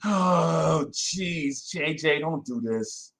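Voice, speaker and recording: A man hosting a casual fan podcast, animated and self-correcting, calling out listeners by name. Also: a little high, drawn-out words, vocal fry. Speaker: podcast host. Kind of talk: casual live-stream chat with fans.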